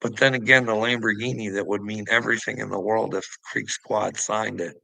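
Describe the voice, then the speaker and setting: A man's voice: on the low side, little pitch movement, moderate pace, gravelly, pushed and bright, dry recording, low-quality recording. A man delivering an angry, scornful monologue that is heavy on swearing, calling out people online. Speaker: online commentator. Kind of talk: profane ranting monologue.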